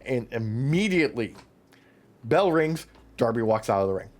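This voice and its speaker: A man co-hosting a podcast in casual chat, excitedly recapping wrestling matches and swearing freely. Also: mid-range voice, moderate pace. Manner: excitable, profane, recaps matches with acted-out quotes. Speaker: podcast co-host.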